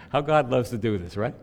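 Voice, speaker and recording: Emphatic preacher man, faint rumble. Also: expressive, unhurried. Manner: builds to loud emphatic peaks, then drops to quiet asides. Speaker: pastor. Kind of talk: sermon.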